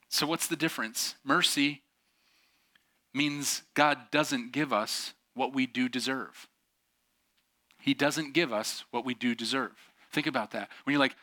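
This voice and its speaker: A man's voice: fairly high pitch, sharp tone. A man preaching a sermon with a personal story, emphatic and asking rhetorical questions. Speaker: pastor.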